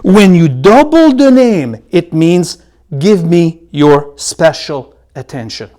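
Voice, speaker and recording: Man teaching a Bible study, drawn-out repeated key words, loud-soft swings. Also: a little high, expressive. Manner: swings between loud emphasis and soft asides.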